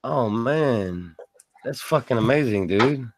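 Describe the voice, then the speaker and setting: A man's voice: mid-range voice, slow, very noisy. A man chatting casually, enthusiastic and profane in his reactions. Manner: enthusiastic, swearing, animated reactions. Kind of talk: casual chat.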